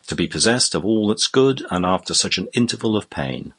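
A man's voice: low voice, lively intonation, fairly quick, a bit bright, husky, exaggerated voice. A man reading the part of a grateful young soldier, earnest and heartfelt. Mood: overjoyed. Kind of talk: audiobook character voice.

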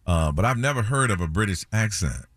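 A male radio host in easygoing studio banter, animated and quick to laugh. His mid-pitched voice moves up and down a lot. He sounds close and dry on a broadcast mic. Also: husky, no echo. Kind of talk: casual morning radio chat.

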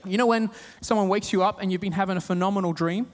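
A man with an Australian accent preaching a sermon, telling stories with humor and animated retellings. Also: high voice, fast talker, big-room sound. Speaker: pastor.

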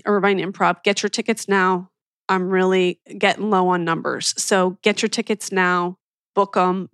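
A woman's voice: mid-range voice, fairly bright tone, dry recording, clean studio sound. A woman podcast host from Philadelphia chatting in a gushing, enthusiastic way as she recommends shows to her listeners. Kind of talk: casual chat recommending shows.

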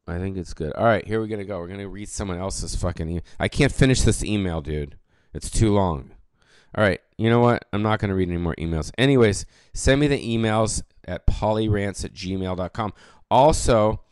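A comedian and podcast host of about fifty rants alone on a casual solo episode, his voice lowish with a darkish, clean tone in a dry recording. He rambles, swears and keeps correcting himself.

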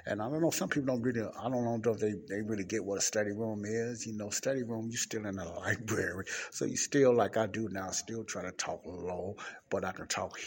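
A man's voice: on the low side, brisk, breathy edge. A man hosting a Christian podcast, talking in a rambling, repetitive way with many fillers, close to the mic in a library study room. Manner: rambling, repeats words, frequent fillers. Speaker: podcast host. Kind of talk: casual preaching monologue. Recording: faint street noise through window. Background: faint traffic from outside.

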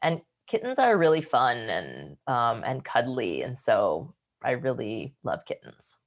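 Woman guest, very low voice with lively pitch swings, thinks out loud as she goes. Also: unhurried. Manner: thinks aloud, meandering with restarts. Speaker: podcast guest. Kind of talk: casual podcast chat.

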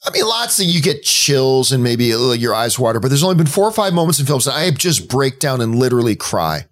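A man's voice: mid-range voice, sing-song, brisk. A man co-hosting a movie podcast, telling a story with emotion and enthusiasm in casual chat. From Canada. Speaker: podcast co-host.

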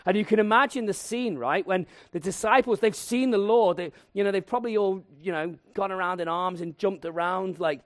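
A man preaching a lively, humorous sermon and acting out voices to tell the story. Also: high voice, fairly quick, hardly any pauses, no echo, clean studio sound.

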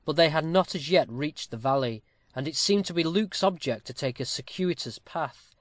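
A man reading a classic novel aloud with a steady, formal storytelling cadence, close to the mic. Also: a little high, moderate pace, no room sound. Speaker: audiobook narrator. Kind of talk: scripted narration of a classic novel.

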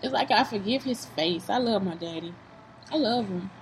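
A woman vlogging in a fast-food restaurant, talking in a blunt, profane, rambling way. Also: medium pitch. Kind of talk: casual vlog talk. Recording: noisy restaurant background.

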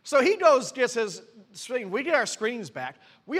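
A man preaches a sermon as a pastor, telling his own story and acting out the conversations in it. His voice sits high and rings bright and forceful. A long reverb from the church hall trails after every phrase. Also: very animated, normal speed, breathy edge. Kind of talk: sermon with personal testimony.

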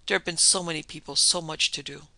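A man voicing a young woman, soft, low and earnest. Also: steady tone, fast talker, gravelly, no room sound, full character voice. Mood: tender. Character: gentle, sorrowing young woman.

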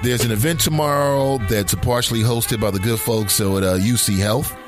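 A man's voice: mid-range voice, moderate pace, music in the background. A man hosting a morning radio talk show, giving rambling, opinionated commentary from a studio mic.

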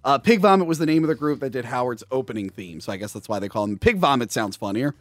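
A man co-hosting a podcast in casual chat, animated and laughing often, swearing freely. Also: medium pitch, fast talker, no echo, clean studio sound. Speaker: podcast co-host.

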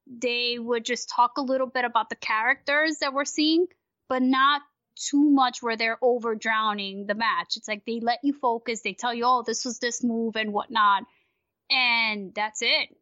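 A woman guest on a casual podcast, ranting in a rambling, profane, animated way. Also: a little high, measured pace, dry recording, lo-fi sound.

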